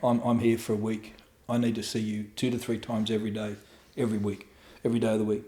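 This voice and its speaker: With a lowish voice and a fast delivery, a middle-aged man tells a raw story from his life as a podcast guest. The candid interview is recorded in an echoey room in his home, and he swears freely while acting out people's words with animation.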